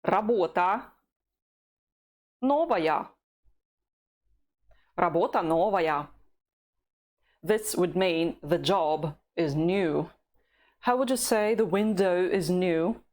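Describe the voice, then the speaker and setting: A woman teacher with a Russian accent speaks at a very slow, careful pace in a slightly low voice. She teaches patiently and pauses often so that learners can repeat after her. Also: a little mellow. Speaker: language teacher. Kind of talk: slow, clear language lesson with repeat-after-me drills.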